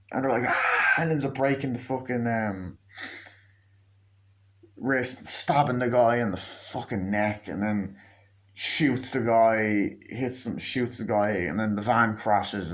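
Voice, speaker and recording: A man giving a casual spoken movie review, rambling and swearing, acting out scenes with quick mimicked lines. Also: medium pitch.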